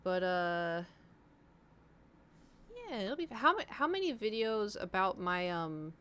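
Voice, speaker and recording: A woman's voice: mid-range voice, expressive, a little slow, a bit bright, smooth. A young woman streaming, chatting casually with her viewers, rambling and self-deprecating, trailing off mid-thought.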